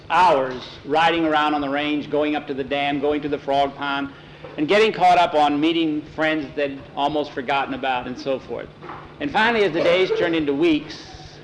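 A man's voice: a little high, steady tone, moderate pace, slight background noise, rough recording. A man telling a children's story aloud in a folksy, homespun way, with small slips and self-corrections.

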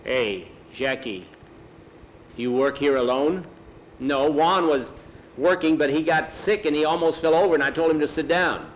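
A man's voice: on the high side, normal speed, lo-fi sound, a little hiss or hum, close to an everyday voice. A man voicing a harsh, bossy Mexican ranch foreman who barks orders in clipped broken English.

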